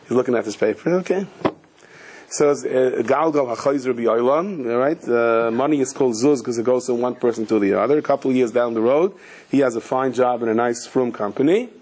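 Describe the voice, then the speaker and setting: Brief: male rabbi, husky voice, sermon storytelling peppered with Hebrew and Yiddish, lots of restarts. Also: mid-range voice, fairly quick, darkish tone.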